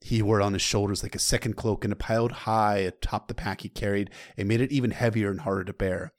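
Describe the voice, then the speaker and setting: A man's voice: on the low side, steady tone, quick pace. A man retelling a novel's chapter in a loose, conversational way, with casual asides to the listener. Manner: loose and conversational, with occasional profanity. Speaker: storyteller.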